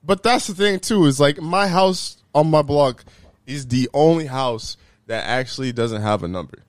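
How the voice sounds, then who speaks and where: A man's voice: medium pitch, normal speed, no room sound, studio quality. A young man telling a story in casual chat with friends, profane and laughing as he acts out the people in it. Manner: animated, profane, laughing while acting out quotes.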